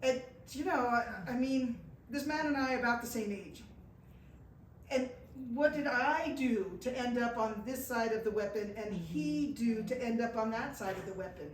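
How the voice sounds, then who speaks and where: Animated woman storyteller in a roomy hall. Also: a little high, normal speed. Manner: animated, acts out quoted dialogue. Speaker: guest speaker telling travel stories. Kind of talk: live storytelling to an audience. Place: event room with a small audience. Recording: roomy, distant mic, faint noise.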